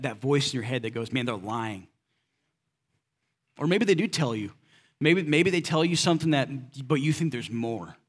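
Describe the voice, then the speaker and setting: Male pastor, mid-pitched, casual and direct sermon delivery, heavy on rhetorical questions. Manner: conversational preaching with rhetorical questions; casual and direct, slips in slang.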